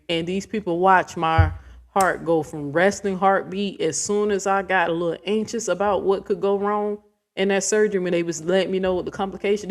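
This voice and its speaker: Blunt, profane woman vlogging. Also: lowish voice. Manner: blunt, profane, rambling and emphatic. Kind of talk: casual vlog rant.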